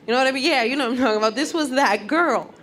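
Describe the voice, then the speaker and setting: A woman's voice: sits high, racing, fairly bright tone. A woman performing a stand-up comedy set, acting out the people she quotes with big jumps in her voice.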